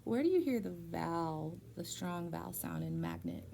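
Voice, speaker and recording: A young woman works through a phonics lesson one-on-one, patient and encouraging, prompting with steady questions. Her voice has a slight gravelly edge and a mellow, dark tone. Faint background noise sits under the recording. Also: lowish voice, normal speed. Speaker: reading teacher.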